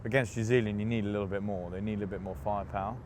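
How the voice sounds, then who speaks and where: A young man with a fairly low voice, chatting casually and laughing through his stories. He sounds relaxed and animated, recorded outside with a faint hum of street traffic behind him. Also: rapid-fire. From England. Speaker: interview guest, rugby player. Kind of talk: casual storytelling interview.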